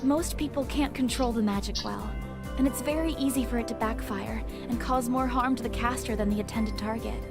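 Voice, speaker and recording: Actress for earnest young female mage-knight, calm and grave, game dialogue. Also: on the high side, brisk, close to an everyday voice. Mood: serious. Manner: calm, serious explaining. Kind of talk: video game voice acting. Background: loud game music.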